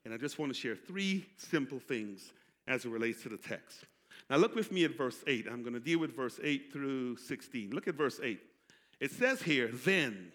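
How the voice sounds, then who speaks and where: A man pastor preaching a sermon, calling out to the congregation for responses and building from quiet teaching to loud preaching. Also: medium pitch, lively intonation, normal speed. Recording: echoey hall.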